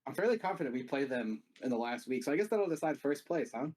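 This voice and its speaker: A man's voice: medium pitch, expressive, quick pace, darkish tone. A man being interviewed after a match, laid-back and joking, who fills his talk with easy fillers and the odd swear word. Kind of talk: casual post-match interview.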